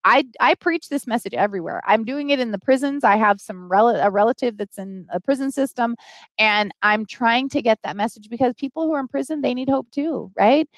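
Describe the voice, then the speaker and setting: A middle-aged woman hosts a casual live stream, speaking earnestly and pleading with her viewers. Her voice sits a little high. The sound is dry and close, with no room echo. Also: fairly quick.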